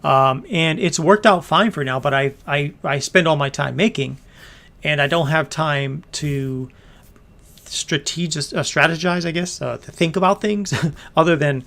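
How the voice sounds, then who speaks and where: A man's voice: on the high side, unhurried, vocal fry, fairly bright tone. A man hosting a casual livestream for his small business, rambling through his plans with many fillers and restarts and reading out viewer comments.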